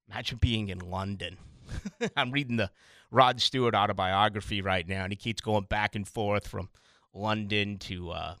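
A man's voice: lowish voice, pushed and bright, no room sound, studio quality. A middle-aged man from Boston, a radio talk show host, rambling through a casual monologue with emphatic asides and stuttered restarts.

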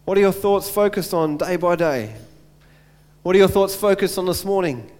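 A man's voice: sits high, normal speed, a little mellow, long reverb tail. A man preaching a sermon as pastor, earnest, repeating phrases and asking rhetorical questions.

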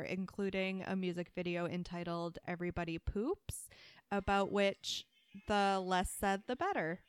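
A woman co-hosting a casual talk show, telling stories in an animated way and laughing often. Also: mid-range voice, clean tone, no echo. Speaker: podcast co-host. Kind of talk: casual chat.

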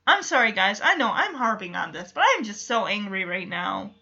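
A woman's voice: mid-range voice, big pitch swings, moderate pace, vocal fry, few pauses, sharp tone, lo-fi sound. A woman hosting a reaction video, recapping a TV episode and talking emphatically and with exasperation straight to viewers.

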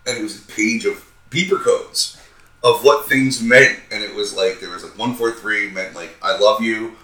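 A man in his thirties, a podcast co-host, telling a profane, animated story with acted-out quotes. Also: on the low side, moderate pace, distant mic. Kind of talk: casual storytelling chat. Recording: roomy sound, a bit off-mic.

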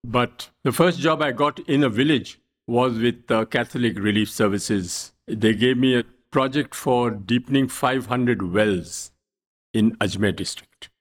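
An older man from India, a guest telling stories from his life in a wry, anecdotal way, often trailing off quietly. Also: medium pitch, measured pace. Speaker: interview guest. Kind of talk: storytelling in conversation.

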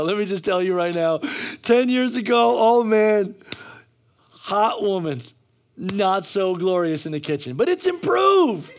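A male pastor preaching a sermon in a notably high voice. He pushes his points hard, repeats lines for effect and stumbles into restarts as he goes. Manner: emphatic, repetitive preaching with frequent restarts.

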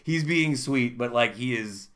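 A man's voice: medium pitch, a little slow, background noise. Self-mocking young man telling stories. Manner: self-mocking storyteller, laughs through his stories. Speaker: podcast co-host. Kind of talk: casual chat.

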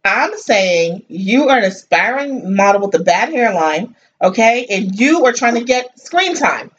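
A woman's voice: mid-range voice, sing-song, measured pace. A woman co-hosting a podcast, talking bluntly and profanely with lots of slang. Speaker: podcast co-host. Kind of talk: casual chat recapping a reality show. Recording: distant, dull lo-fi mic.

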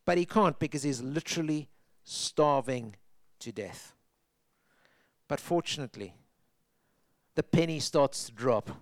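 Male preacher, high clear voice, dry close sound, storytelling delivery that acts out the characters. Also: no echo. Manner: storytelling, acting out the characters' words with rising emphasis. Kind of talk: sermon.

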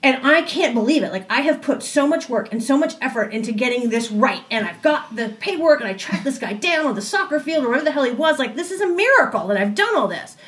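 A young adult woman telling a personal story in a casual way, animated, laughing often and acting out the voices she quotes. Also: high voice, fast talker, few pauses.

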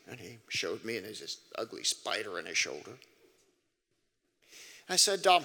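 A man's voice: very animated, moderate pace, pauses often, breathy edge. Emphatic preacher man in an echoing hall. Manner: emphatic, with sudden loud high outbursts. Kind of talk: preaching to an audience. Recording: long reverb of a large hall.

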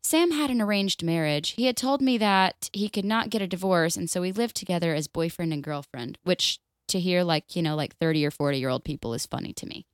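A woman's voice: fairly low pitch, brisk, few pauses, smooth, dry recording, studio quality. A woman co-hosting a casual podcast, reading a story aloud and cutting in with blunt, sweary comments. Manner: blunt, sweary, laughs often. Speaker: podcast co-host.

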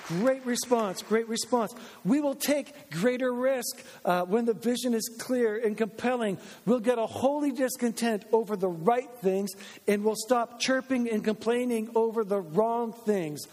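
A man preaching a sermon as pastor, energetic and repetitive, restating his points for emphasis. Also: very high-pitched, measured pace, long reverb tail. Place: church sanctuary.

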